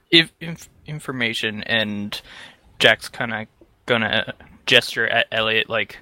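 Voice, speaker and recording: A man's voice: lowish voice, unhurried, pushed and bright, no room sound. A man playing a tabletop game, speaking in character hesitantly and playfully. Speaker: player. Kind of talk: tabletop role-play in character.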